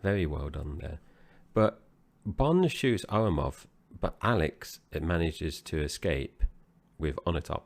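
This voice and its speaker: A man co-hosting a film review podcast, recapping the plot in a relaxed, loose conversational way. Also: rumbling low, unhurried, gravelly. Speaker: podcast co-host. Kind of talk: casual movie review chat.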